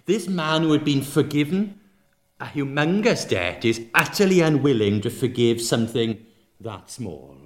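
A man preaching a sermon, expressive, swinging from loud emphatic exclamations to soft, drawn-out near-whispers and acting out the characters' lines. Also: mid-range voice. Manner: acts out the characters' quoted lines in the parable.

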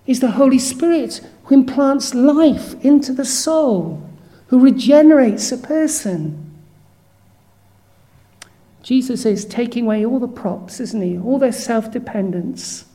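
Woman, sermon, slow and earnest, warm mellow tone. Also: fairly high pitch. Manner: earnest, measured, reads scripture verses aloud. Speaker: preacher.

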